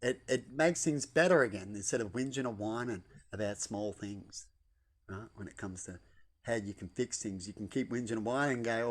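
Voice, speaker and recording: A man's voice: lowish voice, moderate pace. A man talking loosely at home, repeating himself and tagging lines with "right?". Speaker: vlogger. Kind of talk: rambling casual monologue. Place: at home indoors.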